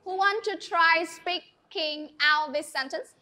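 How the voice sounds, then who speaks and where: A woman with a Vietnamese accent, teaching an English class and giving slow, deliberate instructions in a classroom. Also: very high voice, pushed and bright. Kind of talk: classroom lesson.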